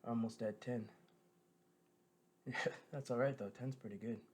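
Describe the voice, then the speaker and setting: A man talks through his thoughts in an easygoing, meandering way, leaning on fillers and restarting his sentences. His pitch sits in the middle range for a man. He sounds like an eager fan chatting straight to his viewers. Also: fairly even intonation, a little slow, darkish tone, husky. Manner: meandering, filler-heavy, frequent self-corrections; enthusiastic fan tone. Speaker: show reviewer. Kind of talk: casual rambling commentary.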